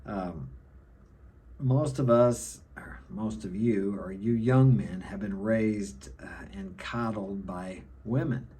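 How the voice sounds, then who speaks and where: A man's voice: lowish voice, takes it slowly, dark tone, slightly rough. A middle-aged man giving an opinionated monologue to camera, lecturing and often ending his points with a checking "okay?". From United States. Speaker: self-help vlogger.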